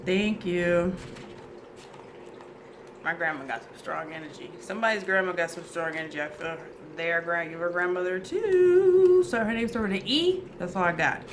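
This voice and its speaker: A woman's voice: lowish voice, lively intonation, moderate pace, noisy background. A woman giving a casual oracle card reading, goofy and chatty, swearing freely and calling her viewers "y'all". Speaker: tarot reader.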